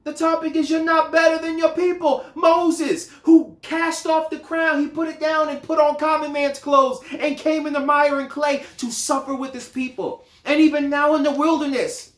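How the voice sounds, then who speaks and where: A man teaching a Bible lesson in a sermon style, animated, acting out quotes in lively voices. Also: very high-pitched, moderate pace, hardly any pauses. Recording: echoey room.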